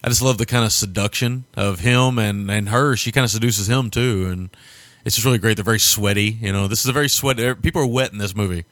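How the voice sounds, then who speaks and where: Middle-aged guy talking movies fast, dry close mic. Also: lowish voice, a bit bright, no echo. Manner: quick, chatty, laughs often. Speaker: podcast co-host. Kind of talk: casual film discussion.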